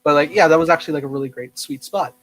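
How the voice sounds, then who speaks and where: A young man co-hosting a podcast, telling a story excitedly, with many fillers and laughs. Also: on the high side, racing, faint music behind, poor audio. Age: young adult. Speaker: podcast co-host. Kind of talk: casual chat.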